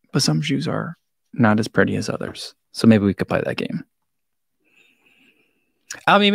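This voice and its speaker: A man's voice: mid-range voice, dry recording, clean studio sound. A man hosting a casual live stream about running shoes, laid-back and rambling as he answers viewer questions with frequent chuckles, in a room with shoes on the wall.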